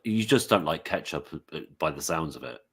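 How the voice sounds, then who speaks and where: A man's voice: rumbling low, animated, fairly quick, a bit bright, breathy edge. A man with an English accent chatting casually on a video call, teasing and laughing often. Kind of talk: casual livestream chat.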